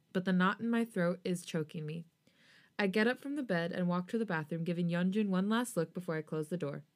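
A woman podcast host reading a first-person fan fiction story aloud, with expressive delivery. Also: on the low side.

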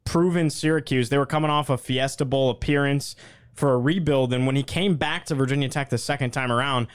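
A man hosting a casual podcast, asking relaxed questions with a few fillers. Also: medium pitch, brisk, clear, resonant tone. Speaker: podcast host.

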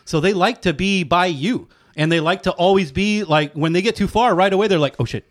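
Animated, profane man telling casual stories. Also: high-pitched, fairly quick. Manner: animated, profane storytelling with frequent "like" and laughs. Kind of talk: casual chat.

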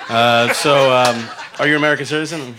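A man's voice: medium pitch, fairly even intonation, a little fast, crowd noise. A man hosting a live podcast panel, enthusiastic and casually swearing. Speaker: podcast host. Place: convention panel before a crowd.

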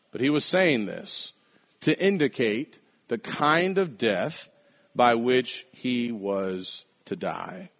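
A man preaching a sermon to a congregation in measured, emphatic phrases, slowing down to stress key words. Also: medium pitch, a bit bright. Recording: dull lo-fi sound.

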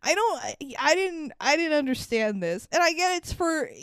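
A woman's voice: sits high, big pitch swings, moderate pace, no echo, studio quality. A woman co-hosting a casual podcast chat who talks bluntly, swears freely and laughs while recounting film scenes. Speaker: podcast co-host.

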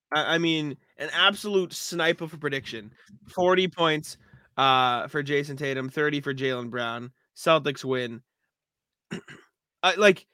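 A man co-hosting a casual sports podcast, recapping a game with frequent throat clearing and stammered restarts. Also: fairly high pitch, pushed and bright, no room sound, studio quality. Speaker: podcast co-host.

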